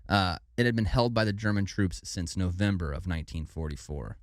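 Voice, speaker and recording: Low-voiced laid-back man telling history. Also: animated, fairly quick, no echo. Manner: laid-back, stumbles over foreign names, says "dude". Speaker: podcast co-host. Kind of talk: casual history storytelling.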